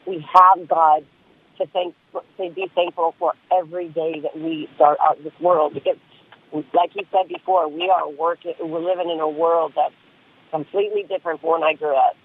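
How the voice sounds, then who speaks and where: A man's voice: fairly high pitch, fairly even intonation, normal speed, no echo. A middle-aged man calling in to a radio show, talking in an earnest, rambling way over a tinny phone line. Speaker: caller.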